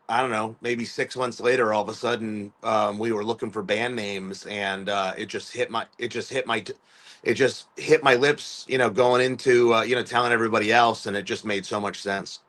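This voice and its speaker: A man's voice: on the low side, fairly bright tone. Rambling man musician. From US East Coast. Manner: rambling, many fillers and restarts, acts out quoted voices. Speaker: musician guest. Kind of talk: casual conversational storytelling.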